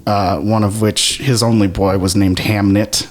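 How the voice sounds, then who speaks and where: A man with a fairly low voice chats as a guest on a casual podcast. He is a Shakespearean actor and explains things at length, stopping and restarting and filling gaps with ums and likes. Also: little pitch movement, unhurried.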